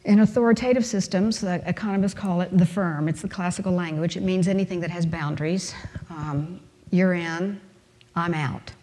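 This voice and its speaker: A woman with a fairly low voice gives a conference talk in a lecture hall. She speaks emphatically, leans on rhetorical questions and everyday examples, and her words ring out with a long reverb from the room. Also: fairly even intonation, moderate pace, warm tone.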